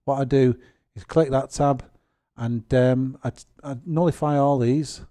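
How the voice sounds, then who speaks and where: A gaming host talks through a software tutorial in a mellow, darker tone. He rambles casually and cracks small self-deprecating jokes as he goes. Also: medium pitch, fairly even intonation, unhurried.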